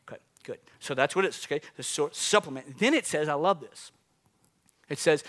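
A man's voice: on the high side, lively intonation, normal speed, pushed and bright. A man in his forties preaching a sermon in a conversational way, often calling out to the congregation. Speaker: pastor.

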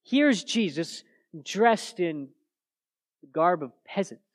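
A man's voice: high voice, sing-song, takes it slowly. A man preaching an expository sermon in a conversational way, often restarting phrases and pressing with emphatic questions.

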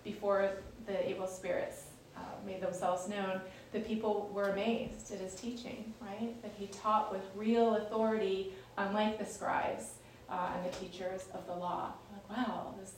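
A woman's voice: mid-range voice, little pitch movement, moderate pace, hardly any pauses, a little hiss or hum. Woman teaching scripture in an echoey room. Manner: chatty and explanatory, with fillers and restarts. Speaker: Bible study leader. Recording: echoey room, distant mic.

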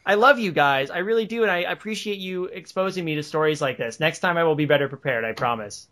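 A man's voice: on the high side, fast talker, fairly bright tone. A man hosting a casual podcast chat, laughing often and rambling through restarts. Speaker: podcast host.

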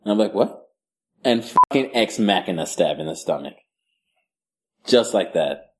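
A man's voice: low-pitched, measured pace. A man co-hosting a podcast in casual banter, profane and laughing as he spins stories. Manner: animated, profane, laughing storyteller. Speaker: podcast co-host.

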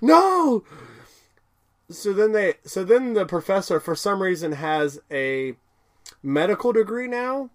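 Speaking a little slowly in a voice that sits high, this man co-hosts a podcast and meanders through a laid-back episode recap. He laughs often, uses lots of fillers, and breaks into excited quotes from characters.

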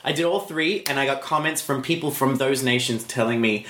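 A man's voice: mid-range voice, fairly quick, fairly bright tone, echoey room, slight background noise. A man chatting casually as a comedian co-host, telling stories about his shows. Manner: chatty, storytelling. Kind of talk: casual chat.

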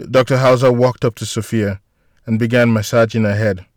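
A man narrating a story in an even, deliberate read-aloud manner. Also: fairly low pitch, no room sound, clean studio sound. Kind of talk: storybook reading.

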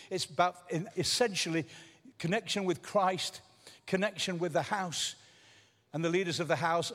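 An older man preaches with emphasis, hammering home key words by repeating them. His voice sits a little high for a man. It rings out with a long reverb off the walls of a church hall. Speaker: guest preacher. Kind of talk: sermon. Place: church auditorium.

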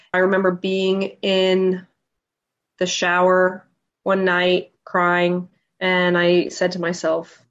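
Storytelling woman on a lo-fi podcast. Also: on the low side. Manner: emotional, animated retelling with acted-out dialogue. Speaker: podcast guest. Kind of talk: personal storytelling in an interview.

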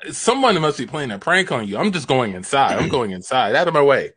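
A man's voice: mid-range voice, very animated, moderate pace, fairly bright tone, husky. A man doing an improv comedy scene on a livestream. He sounds exasperated and laughs often. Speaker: improv performer and stream host.

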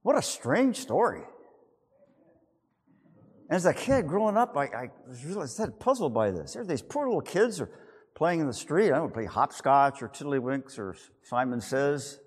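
A man's voice: a little high, sing-song, normal speed, slightly rough, long reverb tail. A man preaching a sermon who reads scripture and retells it as a vivid story full of rhetorical questions. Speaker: pastor.

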